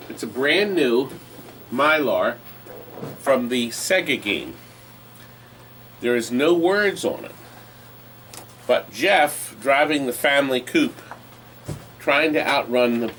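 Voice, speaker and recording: A man's voice: mid-range voice, a bit bright, a little hiss or hum, poor audio. A man hosting a live online auction stream, joking while describing items up close.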